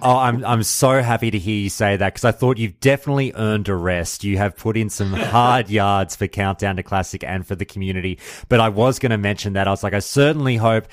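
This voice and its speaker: A man's voice: lowish voice, fairly quick, few pauses, no echo, studio quality. A man hosting a call-in podcast, chummy and effusive, calling everyone mate. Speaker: podcast host. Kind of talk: casual call-in chat. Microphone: call recording.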